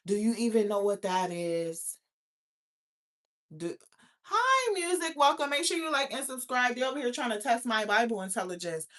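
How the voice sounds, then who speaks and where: A woman hosting a casual livestream, animated and profane, preaching and answering chat comments. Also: medium pitch. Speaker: livestream host.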